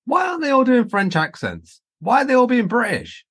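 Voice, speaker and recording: A man's voice: extremely high pitch, huge pitch swings, a little fast, a bit bright, breathy edge. A man in casual review chat, speaking bluntly and incredulously, swearing now and then.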